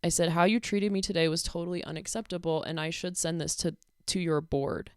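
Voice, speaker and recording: A young woman with a lowish, smooth, clear voice talks through an online argument. Her tone is exasperated and sarcastic. The recording is close and dry. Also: steady tone, brisk, darkish tone, no echo. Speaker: commentary creator. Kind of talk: casual commentary reading messages.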